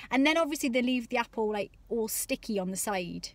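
A woman's voice: mid-range voice, normal speed. A woman in her thirties talking to camera about parenting, chatty and exasperated, acting out little voices. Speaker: parenting vlogger. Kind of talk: casual comic monologue to camera.

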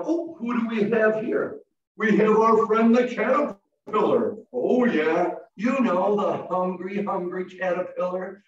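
A man leading young children through a story activity in an online class, playful and singsong, coaxing them into call-and-response. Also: high-pitched. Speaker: early childhood educator presenting an online class. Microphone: video call. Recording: echoey, distant, dull video-call audio.

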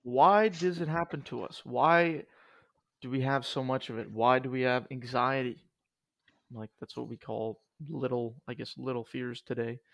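A man's voice: mid-range voice, steady tone, moderate pace, gravelly, fairly bright tone. A young man co-hosting a podcast in casual chat, laid-back and joking, with slangy asides. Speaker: podcast co-host.

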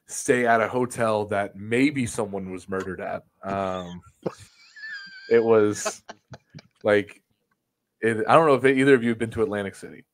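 A man telling a story on a podcast as a guest, animated and swearing freely. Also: fairly low pitch, a little slow, long pauses. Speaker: wrestling videographer guest.

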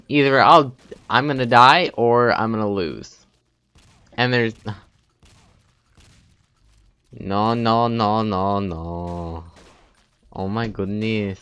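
A man giving let's play commentary, muttering and humming to himself as he plays, with sudden loud excited outbursts. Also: fairly low pitch, slow pace, long pauses, a little hiss or hum. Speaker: gaming video host.

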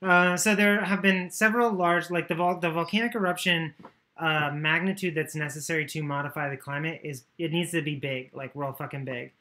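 A woman's voice: sits low, fairly even intonation, a little fast, a bit bright. A woman giving a loose, joking lecture, often correcting herself and swearing casually. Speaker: course lecturer.

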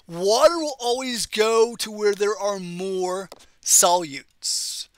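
A man's voice: sits high, takes it slowly, no echo. A man teaching a biology lecture in a conversational, playful way, often checking in with "okay?" and using memory tricks. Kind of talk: recorded lecture.

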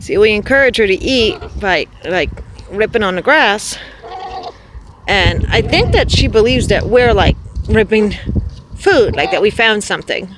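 A woman's voice: mid-range voice, very animated, unhurried. A woman talking to her pet goose outdoors on a lawn, in sing-song baby talk with chatty asides to the camera. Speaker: pet owner and video host. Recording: noisy outdoor recording.

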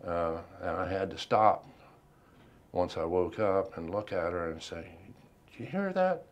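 An older man, a veteran, recounting his life in an oral history interview, unhurried and reflective with frequent pauses. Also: low voice, fairly even intonation, highs cut off.

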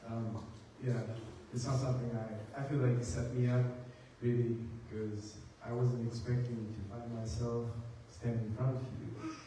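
A man's voice: mid-range voice, level tone, normal speed, hardly any pauses, dark tone. Reflective man from Zimbabwe, echoey hall. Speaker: speaker giving a church testimony. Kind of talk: spoken testimony to an audience. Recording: echoey hall, distant mic, faint hiss.

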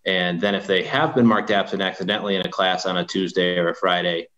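Deep-voiced man on a dull call. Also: fairly even intonation, fast talker, a bit bright. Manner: helpful, matter-of-fact. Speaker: school administrator handling attendance. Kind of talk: virtual town hall Q&A. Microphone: video call.

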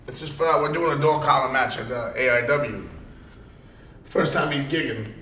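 A man in casual chat, telling a wrestling story in an animated, profane, laughing way, recorded in a room. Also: medium pitch, moderate pace. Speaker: wrestler guest. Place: convention event room. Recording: roomy, distant mic, faint noise.

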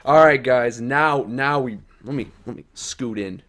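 Speaking a little slowly in a mid-range voice, a young live-streamer rips open game card packs and chats excitedly to the player cards. His volume swings from quiet muttering up to sudden shouting.

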